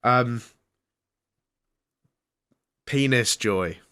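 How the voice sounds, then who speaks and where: A man's voice: mid-range voice, drawn-out words, bright, forceful tone, clean tone. A man hosting a comedy radio show, reading mock news in a jokey newsreader manner. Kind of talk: comedic retro radio banter.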